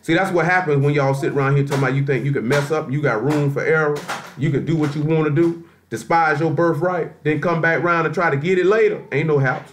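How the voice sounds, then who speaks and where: Emphatic colloquial preacher, fairly high man. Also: fast talker, slight background noise. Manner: emphatic, colloquial, scolding, quotes scripture. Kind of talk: sermon.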